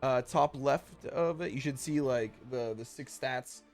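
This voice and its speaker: Brief: casual, halting game master, man. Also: mid-range voice, faint music behind. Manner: casual, halting, full of uh and restarts, calls players bro. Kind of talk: narrating and explaining a tabletop game.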